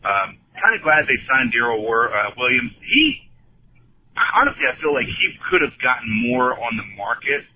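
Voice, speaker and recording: A man phones in to a sports podcast and rambles with plenty of hesitation. His voice is very bright and sharp at a middle pitch, and there is faint noise behind him. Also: very animated, moderate pace, poor audio. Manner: rambling, hesitant, full of fillers. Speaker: caller. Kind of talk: casual call-in chat.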